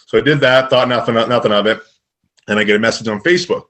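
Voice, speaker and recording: A young man, a guest telling stories in a relaxed, rambling way and laughing along. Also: mid-range voice, fast talker. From Canada. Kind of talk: casual storytelling.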